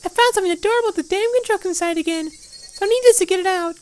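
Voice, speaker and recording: Rena: a woman doing an eerie girl with a very high voice. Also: racing, low-quality recording. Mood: creepy sweet. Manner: sweet sing-song menace, repeats herself. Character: eerie teenage girl stalking a frightened boy. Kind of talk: fan voice acting of a game.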